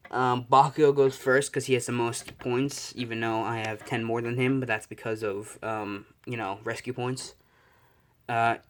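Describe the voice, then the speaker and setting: A man's voice: medium pitch, a bit bright, slight background noise. Rambling young man telling a story. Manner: rambling, self-correcting, swears casually. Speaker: fan-fiction storyteller. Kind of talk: improvised casual storytelling.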